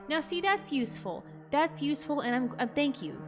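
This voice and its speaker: A young adult woman playing a game on camera, reading its text aloud and reacting in an expressive, jokey way, with bursts of loud disbelief. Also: high-pitched, brisk, over music. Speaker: gaming content creator.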